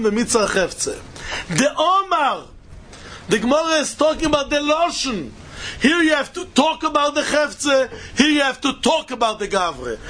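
High-pitched man teaching Talmud. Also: a bit bright, slight background noise. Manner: mixes Yiddish and Hebrew terms, sing-song rising questions. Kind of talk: Talmud study lecture.

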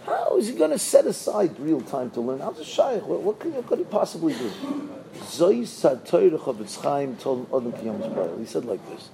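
A man's voice: on the high side, sing-song, normal speed, gravelly, a crowd in the background, poor audio. A male rabbi giving a sermon, telling stories animatedly and chanting repeated verses.

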